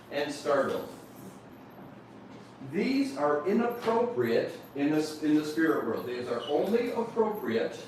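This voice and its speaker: A man leading a motivational workshop, lively and questioning his audience, often telling them to write points down. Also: fairly high pitch, noisy background. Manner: animated, questions the audience, repeats instructions. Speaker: seminar speaker. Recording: echoey room from far off.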